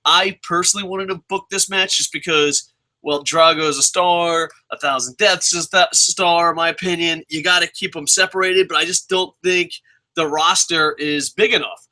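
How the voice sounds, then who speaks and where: Excitable high-voiced ranting man. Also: moderate pace. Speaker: wrestling show reviewer. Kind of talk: casual spoken review.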